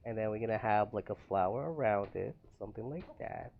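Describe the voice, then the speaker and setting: A man's voice: fairly low pitch, fairly quick, gravelly, phone-quality sound, slight background noise. A man streaming a building game, rambling to himself with frequent laughs as he plays. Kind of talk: casual gameplay commentary.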